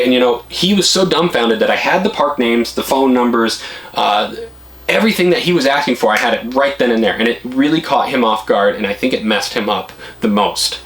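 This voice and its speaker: A middle-aged man vlogging casual advice, blunt and animated, his pitch jumping up when he gets worked up. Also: fairly quick, rough recording.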